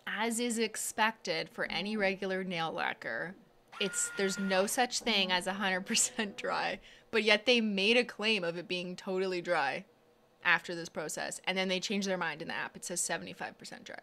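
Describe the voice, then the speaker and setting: A woman's voice: mid-range voice, moderate pace, sharp tone, a little hiss or hum. A woman live-streaming about nails, chatty and exasperated as she talks straight to her viewers. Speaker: nail art streamer.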